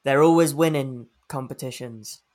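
A man co-hosting a casual podcast chat, relaxed and sweary. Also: mid-range voice, normal speed. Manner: laid-back, sweary. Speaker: podcast co-host.

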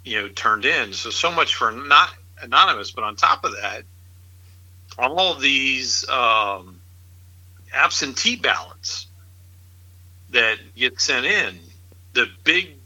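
Man, middle-aged, husky, very bright tone, rambling casual chat, incredulous. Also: medium pitch, lively intonation, slow, pauses often, poor audio. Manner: rambling, incredulous, laughs often.

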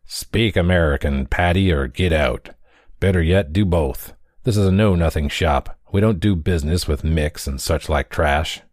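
Man playing a contemptuous burly boss, flat and loud, low voice. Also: normal speed, dry recording, studio quality. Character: burly bigoted male furniture boss.

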